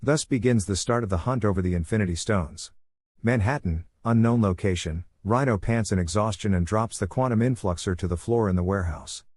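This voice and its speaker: Male narrator, low voice, steady reading, dry close sound. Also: fairly quick, no echo. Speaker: fan fiction narrator. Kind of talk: scripted narration.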